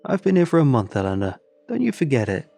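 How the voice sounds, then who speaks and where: A man's voice: medium pitch, huge pitch swings, fast, gravelly, dark tone, soft background music, pitched above the performer's own voice, heavily acted. A man voicing a brash, teasing soldier.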